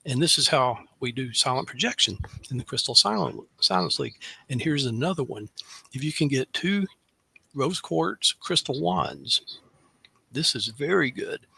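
Gravelly, husky-voiced man guiding breathing. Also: medium pitch, normal speed. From Tennessee. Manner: calm, instructive, with audible sighs. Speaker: free spell segment guest. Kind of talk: guided breathing instruction.

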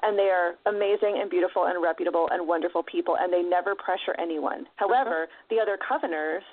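A woman's voice: lowish voice, fast talker, dry recording. A woman talking in a casual discussion, passionate and emphatic, swearing freely as she makes her points. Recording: dry, phone-like narrow sound.

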